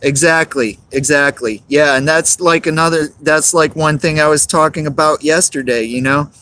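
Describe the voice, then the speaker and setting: A man's voice: on the high side, steady tone, moderate pace, bright, forceful tone. A man, live-streaming outdoors on a cold, windy day, rambling and greeting chat viewers by name.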